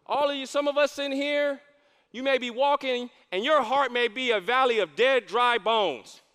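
High, bright-voiced man preaching. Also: moderate pace, clear, resonant tone. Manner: animated preaching, repeats key lines for emphasis. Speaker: campus pastor. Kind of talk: sermon. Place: church stage. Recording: long hall reverb in a church.

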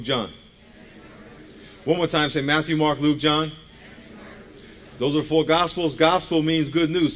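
A man's voice: fairly high pitch, a bit bright. A male pastor preaching a sermon, emphatic and conversational, leading the congregation in call-and-response and dropping folksy asides.

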